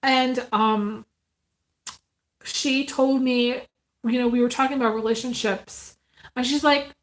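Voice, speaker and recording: A woman giving a casual live tarot reading, talking earnestly and from the heart, with many ums and restarts. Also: a little high. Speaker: tarot reader.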